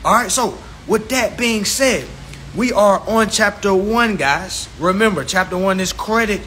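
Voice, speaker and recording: A man's voice: sits high, measured pace, a bit bright, a little hiss or hum. A man teaching viewers about credit in an informal, preachy lecture, swearing a lot for emphasis and repeating his points. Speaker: self-styled credit instructor.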